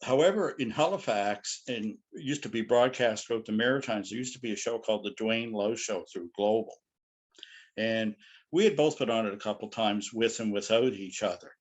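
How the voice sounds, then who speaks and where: As a guest speaker, a middle-aged man tells anecdotes in a casual storytelling lecture, wandering loosely from point to point and saying "you know" a lot. His voice is on the low side, with a moderate pace.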